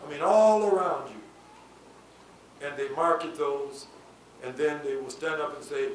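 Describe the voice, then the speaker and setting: Man, high voice, preaching lecture, rhetorical questions, shouted emphasis, echoey hall, distant mic. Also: slow pace, pauses often. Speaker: spiritual leader giving a lecture. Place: lecture hall before an audience. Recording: echoey hall, voice from far off, faint hiss.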